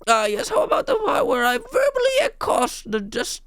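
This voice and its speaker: A woman's voice: extremely high pitch, huge pitch swings, normal speed, a bit bright, no room sound, pitched above the performer's own voice, exaggerated voice. A woman voicing a pompous, theatrical male adventurer who tells grandiose tales in a melodramatic way. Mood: flustered.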